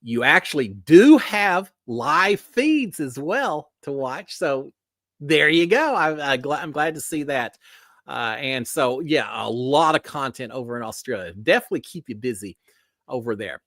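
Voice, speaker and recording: A man with a drawl hosts a casual livestream chat. His voice is lively, rising and falling a lot as he greets viewers by name. The sound is dry and close, with no room around it. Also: mid-range voice, unhurried, dry recording. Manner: folksy, greets viewers by name, many fillers. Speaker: livestream host.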